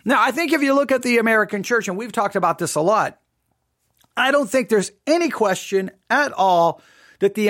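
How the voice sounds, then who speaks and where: A man hosting a solo Bible teaching show, talking deliberately, repeating key phrases, and restarting sentences often. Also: high voice, a bit bright, no room sound, clean studio sound.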